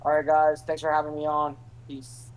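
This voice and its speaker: Casual male guest, rambling delivery, slightly high-pitched. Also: completely flat delivery, normal speed, a little hiss or hum, low-quality recording. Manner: rambling, lots of fillers. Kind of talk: casual chat.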